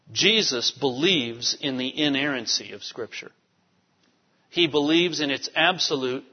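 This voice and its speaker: A man preaching a sermon to a congregation, emphatic and animated, with asides to the people in the pews. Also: on the high side, slightly rough. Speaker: pastor. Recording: dull sound in a reverberant hall.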